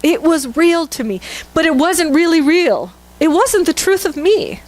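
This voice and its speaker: A woman's voice: very high voice, expressive, measured pace. A middle-aged woman minister giving a sermon, telling a candid, self-mocking story with laughter to her congregation. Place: church sanctuary.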